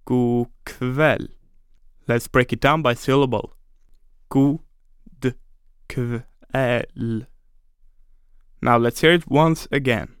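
A man teaching a scripted language lesson, speaking slowly and deliberately and repeating words syllable by syllable for pronunciation drills. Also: mid-range voice, smooth, dry recording, studio quality.

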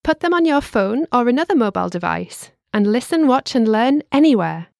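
Higher-voiced woman co-hosting a language lesson. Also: very animated, no room sound, clean studio sound. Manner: bright, clear teacherly delivery, slowing to spell words.

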